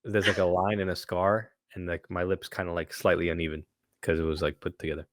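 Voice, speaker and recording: A man's voice: low-pitched, little pitch movement, fast talker, dry recording, studio quality. A tired young man co-hosting a casual podcast, rambling, stumbling over words and laughing a lot. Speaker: podcast co-host.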